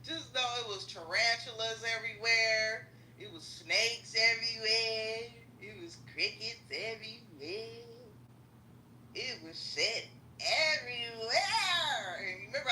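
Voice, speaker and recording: Woman, very bright tense voice, profane comedic rant, slangy, roomy echo. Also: on the high side, normal speed, slight background noise.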